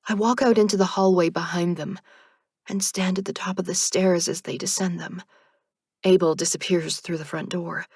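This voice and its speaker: Low, gravelly woman narrating an audiobook. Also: no echo, studio quality. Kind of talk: first-person audiobook narration.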